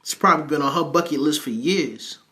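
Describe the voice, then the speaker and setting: A man's voice: on the high side, a little fast, bright, forceful tone, a little hiss or hum. A man hosting, cutting in with joking, slangy commentary on the story. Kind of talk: casual commentary.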